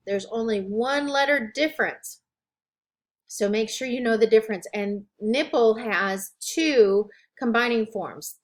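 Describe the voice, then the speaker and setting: Woman lecturer, slow careful delivery, spells out terms one by one, slightly high voice. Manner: slow, deliberate, drawn-out enunciation of terms. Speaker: instructor. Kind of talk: recorded lecture.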